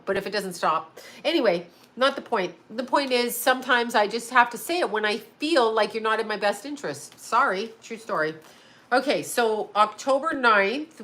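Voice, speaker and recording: Woman, middle-aged, bright crisp tone, rambling chatty host, home live stream. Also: on the high side. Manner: rambling, chatty, laughs often. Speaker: psychic astrologer hosting a live stream. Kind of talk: casual live-stream chat. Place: her home. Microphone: home video call setup.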